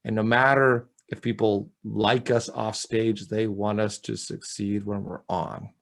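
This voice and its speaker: A man who coaches communication, talking as an interview guest in an energetic, emphatic coaching way. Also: lowish voice, unhurried, gravelly. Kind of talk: interview chat.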